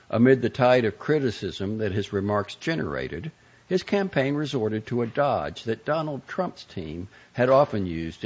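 A man reads aloud in a low, slightly husky voice, his measured narration rising and falling with plenty of melodic movement. The recording sounds dull and lo-fi. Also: a little mellow. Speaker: reader of magazine pieces. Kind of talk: scripted narration of fiction and an essay.

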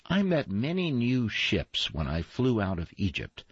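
A man's voice: fairly low pitch, huge pitch swings, husky, dry recording, exaggerated voice. A man doing a thoughtful old-world stork. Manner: measured, thoughtful. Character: thoughtful male stork, wise traveler. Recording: dull lo-fi, dry.

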